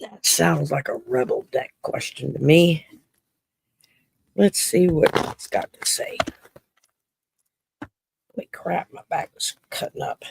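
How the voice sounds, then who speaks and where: Speaking slowly with frequent pauses, this woman has a deep, creaky voice, and there's noise in the background. She's from Louisiana, talks with a Cajun accent, and hosts a casual late-night stream where she reads viewers' cards, joking saltily, swearing, and laughing often.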